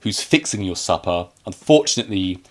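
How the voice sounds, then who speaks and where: A man's voice: low voice, animated, fairly quick. A man co-hosting a casual film review, chatty and joking, acting out scenes with quoted lines. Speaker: podcast co-host.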